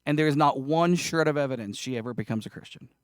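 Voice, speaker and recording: A man's voice: mid-range voice, fast, clear, resonant tone, no echo, studio quality. A male pastor preaching a sermon in a conversational, self-deprecating way, with casual asides. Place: church sanctuary.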